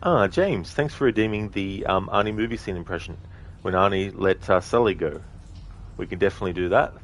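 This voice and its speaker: A man's voice: low-pitched, a little fast. A male streamer chatting casually with viewers while playing, reading out their redeems. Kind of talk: casual live-stream chat while gaming.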